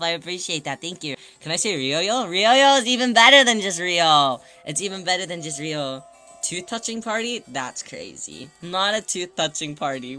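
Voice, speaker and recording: A man hosting a casual livestream chat, telling stories in an animated way and laughing often. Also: high-pitched. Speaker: livestream host.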